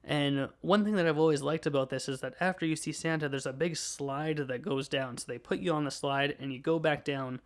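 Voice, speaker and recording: Young male podcast host, slightly high voice, animated and chuckling through a casual movie recap. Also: a little fast, few pauses. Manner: animated plot retelling with frequent laughs.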